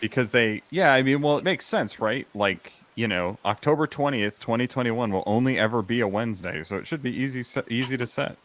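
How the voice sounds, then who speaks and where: A man's voice: medium pitch, fairly quick, few pauses, fairly bright tone, dry recording. A man hosting a casual chat, blunt and wry with strong opinions. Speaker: host.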